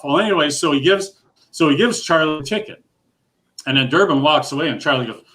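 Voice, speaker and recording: A man's voice: fairly high pitch, lively intonation, brisk, bright, forceful tone, slight background noise. Rambling older man telling a story. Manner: rambling, many restarts and asides, laughs at own story. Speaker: guest storyteller. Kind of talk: casual storytelling on a call.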